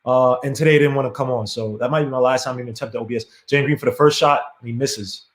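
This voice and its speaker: Male podcast host, casual live play-by-play, frustrated and rambling, mid-pitched voice in a roomy space. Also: fairly even intonation, very fast. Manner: frustrated, apologetic, rambling with many fillers. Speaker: podcast host streaming a game watch. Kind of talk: casual live game commentary. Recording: echoey room.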